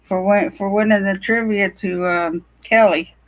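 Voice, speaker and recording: A woman co-hosting a casual livestream chat over a video call, talking in a relaxed, easygoing way. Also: medium pitch, unhurried, rough recording.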